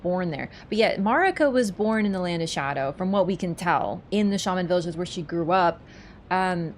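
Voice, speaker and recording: A young adult woman chatting casually and teasing her chat while live-streaming a video game, thinking out loud with lots of fillers. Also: mid-range voice, a little hiss or hum. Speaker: gaming streamer.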